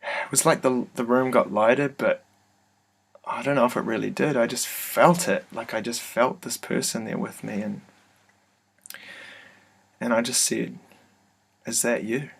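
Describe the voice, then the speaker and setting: Hesitant gravelly man, soft-spoken. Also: medium pitch, fairly even intonation, unhurried, long pauses. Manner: hesitant, full of fillers and restarts, soft-spoken. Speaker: video blogger telling a personal story. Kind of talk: casual first-person testimony. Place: office. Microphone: computer webcam mic.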